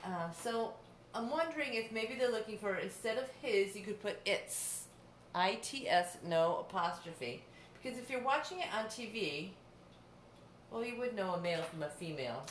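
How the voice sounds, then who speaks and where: A woman's voice: medium pitch, lively intonation, normal speed. A middle-aged woman teacher giving a distance-learning lesson, patiently explaining step by step with examples. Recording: echoey room, faint background hum.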